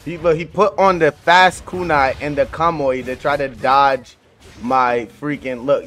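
A man commentating live gameplay on his channel, full of slangy trash talk, swinging from low mutters to excited yelling. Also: measured pace. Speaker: gaming channel host.

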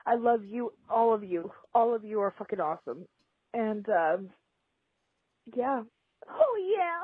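A woman's voice: mid-range voice, moderate pace, breathy edge, no echo. A woman caller leaving a rambling, emotional, apologetic voicemail about her relationship. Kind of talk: voicemail confession. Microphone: phone. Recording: tinny phone line voicemail.

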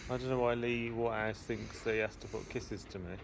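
An English man vents to camera while he waits for a train, circling back over the same grievance again and again. His voice is mid-pitched. Station noise and passing trains run clearly behind him. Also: fairly even intonation, brisk. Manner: aggrieved, repetitive storytelling. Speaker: vlogger. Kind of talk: casual venting to camera. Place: outdoor railway station platform. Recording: noisy station ambience.

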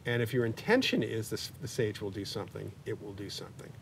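A man's voice: lively intonation, quick pace, gravelly. A man in his sixties, a paranormal investigator guest in an interview, talking in a chatty, anecdotal way with joking asides. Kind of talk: interview conversation. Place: community media studio. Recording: distant mic with faint rumble.

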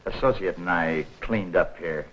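An actor playing a shifty, leering landlord in a 1940s film, talking slangy and hesitant with little chuckles. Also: male voice, deep voice, measured pace, a bit bright. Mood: sly. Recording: dull old film soundtrack, faint hiss.

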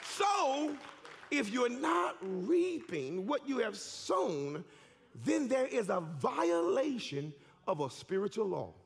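A man preaching a sermon in a church, fervent and shouting with emphatic repetition. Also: very high-pitched, big pitch swings, slow pace, creaky, some chatter behind. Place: church sanctuary.

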